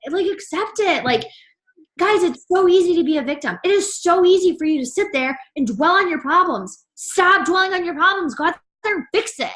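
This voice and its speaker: A woman's voice: extremely high pitch, lively intonation, normal speed, a bit bright. A young woman giving a fired-up motivational team talk, preachy and emphatic, peppering her lines with "like" and "right?".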